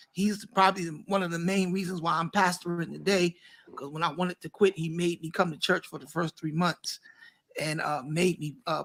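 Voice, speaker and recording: A man who is a pastor, hosting a casual talk show and warmly bringing guests to the stage. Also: high voice. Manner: lively, hypes up guests. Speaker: pastor and host.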